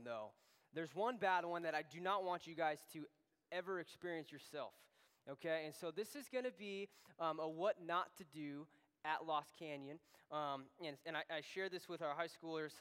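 Man, youth pastor, high smooth voice, animated story, many restarts, long hall reverb. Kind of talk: youth group talk. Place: church hall.

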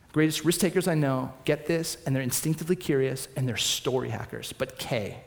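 A man preaching a sermon, telling stories in a lively, animated way, swinging between soft asides and excited bursts. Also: on the high side, big-room sound. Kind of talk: sermon with personal storytelling.

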